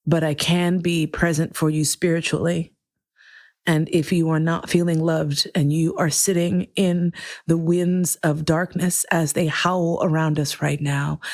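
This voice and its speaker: A middle-aged woman hosting her own podcast, talking earnestly and emotionally, swearing freely, in slow, deliberate phrases. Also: low voice, a little mellow. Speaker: podcast host. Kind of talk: heartfelt solo podcast monologue.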